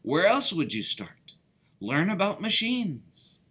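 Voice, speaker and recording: A man voicing a cheerful, sensible little bird in a children's story read aloud, with a high, sing-song chirping manner. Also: big pitch swings, slow, bright, forceful tone, breathy edge, exaggerated voice.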